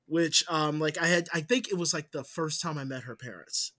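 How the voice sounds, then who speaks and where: A man co-hosting a casual podcast, telling stories in an animated way, swearing freely and swinging between loud bursts and hushed asides. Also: fairly high pitch, moderate pace. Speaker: podcast co-host. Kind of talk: casual chat.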